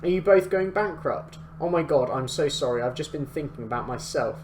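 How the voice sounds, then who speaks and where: A man's voice: on the high side, lively intonation, brisk, darkish tone, a little hiss or hum, natural voice. A man playing a fretful young shop worker. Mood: anxious. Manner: anxious, fretful. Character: nervous, apologetic young male shop worker.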